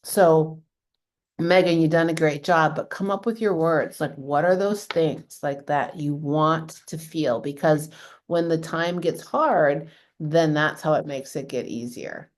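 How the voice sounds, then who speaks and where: A woman's voice: low voice, measured pace. A woman coaching a group in a casual way, swearing freely and filling her talk with "like". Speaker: fitness coach leading a group call.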